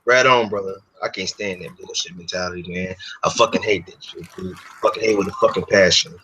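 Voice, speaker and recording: A man's voice: low-pitched, steady tone, pushed and bright, slight background noise, rough recording. A man in a casual talk, speaking in exasperated, profane outbursts. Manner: fast, exasperated, heavy swearing.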